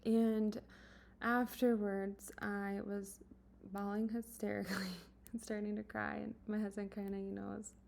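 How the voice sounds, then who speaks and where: A woman vlogger sharing a personal story in an earnest, emotional way, speaking softly and haltingly with many fillers. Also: medium pitch, little pitch movement, creaky. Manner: soft-spoken, halting, full of fillers and restarts; earnest and emotional, at times dropping to a whisper.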